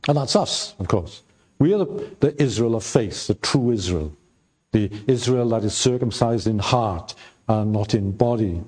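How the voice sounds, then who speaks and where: An older man preaching a sermon, halting with fillers and restarts, and stressing his points by repeating them. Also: lowish voice, a little mellow, breathy edge. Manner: slow, halting delivery with many fillers and repeated words; emphatic repetition when reading scripture aloud.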